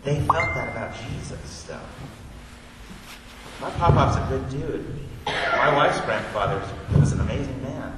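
A man in his thirties preaching a sermon as pastor, conversational, moving between soft, slow confiding and loud, urgent emphasis. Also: medium pitch, animated. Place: church sanctuary. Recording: echoey hall, distant mic, audible room noise.

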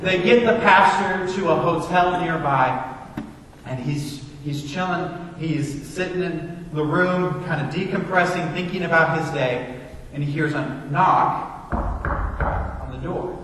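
A man's voice: a little high, slow, a bit bright, a little hiss or hum. A man preaching a sermon in a church, telling a story earnestly, recorded from far off in an echoey hall. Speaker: pastor.

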